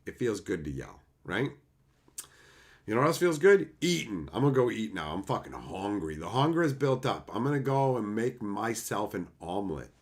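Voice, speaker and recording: A man chatting casually on a livestream and answering chat, animated and swearing freely in loose run-on asides. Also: fairly low pitch, moderate pace. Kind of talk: casual live-stream chat.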